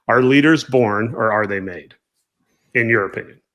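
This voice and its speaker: A man in his thirties hosting an interview, earnest and halting with many restarts. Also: medium pitch, animated, bright, forceful tone. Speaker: podcast host interviewer. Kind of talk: casual interview chat.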